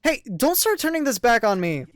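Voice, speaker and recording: A voice actor voicing an angry, foul-mouthed young man who shouts and sneers at his friend in a visual novel dub. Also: sits high, sing-song, fairly quick, no room sound, pitched above the performer's own voice. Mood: scornful. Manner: shouting, swearing, contemptuous.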